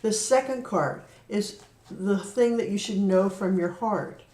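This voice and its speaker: A woman's voice: mid-range voice, measured pace. Woman giving an earnest card reading. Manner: earnest, gently encouraging. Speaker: card reader. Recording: roomy echo, voice from a distance.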